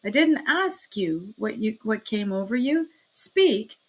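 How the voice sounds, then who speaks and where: A woman's voice: medium pitch, very animated, slow. A woman reading the part of an agitated middle-aged male magistrate with exclaiming, pressing questions.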